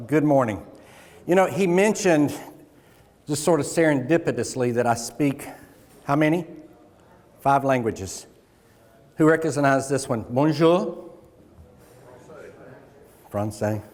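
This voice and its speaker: A man from the American South giving a jokey, folksy keynote talk on sales to a conference crowd. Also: a little high. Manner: jokey, folksy, with pauses for laughs. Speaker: keynote speaker. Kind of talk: motivational keynote speech. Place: large conference hall. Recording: long hall reverb.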